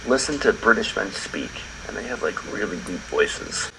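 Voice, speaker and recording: A man's voice: fairly low pitch, big pitch swings, moderate pace, noisy background. A man co-hosting a podcast in casual, laid-back chat that rambles and trails off. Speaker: podcast co-host.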